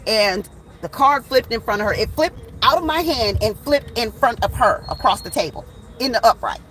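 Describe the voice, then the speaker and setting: A woman tarot reader chatting casually to her viewers outdoors, animated and swearing freely as she tells stories. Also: fairly high pitch, moderate pace, slight background noise, low-quality recording. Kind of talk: casual storytelling vlog.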